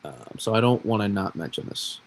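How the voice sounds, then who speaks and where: A man's voice: on the low side, animated, brisk, poor audio. A man from New England hosting a weather livestream, rambling and self-correcting in casual chat.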